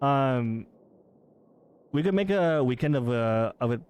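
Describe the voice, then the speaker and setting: A man's voice: mid-range voice, expressive, darkish tone, clear, resonant tone. A man streaming live, chatting casually with his chat, reading out messages and protesting their teasing in disbelief. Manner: teasing, incredulous, quick to protest.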